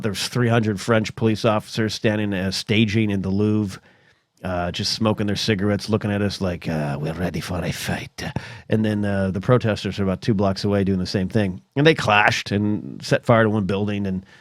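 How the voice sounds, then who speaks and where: A man's voice: fairly low pitch, dry recording, clean studio sound. A middle-aged man hosting a solo podcast, telling stories in a rambling, chatty way full of asides. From United States. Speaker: podcast host.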